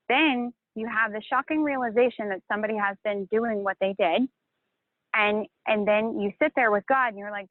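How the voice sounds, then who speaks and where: A woman's voice: mid-range voice, no echo. A woman talking emotionally and casually, swearing and rambling about a painful breakup. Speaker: channel host. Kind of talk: emotional confessional chat. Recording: tinny phone-like line, dry.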